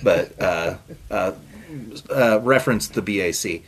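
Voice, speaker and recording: Male podcast co-host, low-pitched, rambling storyteller, filler-heavy, faint background noise. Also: unhurried. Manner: rambling, lots of uh fillers, acts out quotes. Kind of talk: casual storytelling chat.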